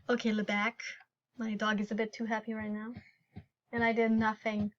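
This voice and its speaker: A woman's voice: a little high, monotone, moderate pace. Giggly young woman gaming host. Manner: giggly and chatty. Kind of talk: casual game playthrough commentary. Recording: lo-fi recording.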